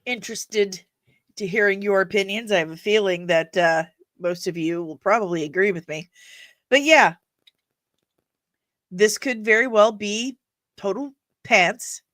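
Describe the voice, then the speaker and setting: A chatty woman hosts a live nerd news stream from home, bouncing between topics and talking straight to her viewers. Her voice sits at an everyday pitch, and it is recorded dry and close with no room sound. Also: measured pace, pauses often, dry recording. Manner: chatty, animated, laughs often, talks to the chat. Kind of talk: casual live-stream chat.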